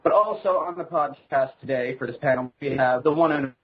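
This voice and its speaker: Husky-voiced Canadian man hosting a podcast. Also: medium pitch, fairly quick, narrow, tinny audio. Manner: upbeat, rambling introductions. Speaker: podcast host. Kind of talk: casual panel chat.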